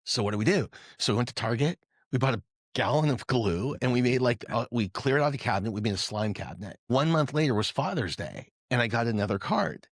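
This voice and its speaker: A man's voice: mid-range voice, lively intonation, fairly quick, slightly rough, dry recording, studio quality. A man on a podcast panel, a father, telling a personal story in an earnest, reflective way. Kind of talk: personal anecdote in conversation.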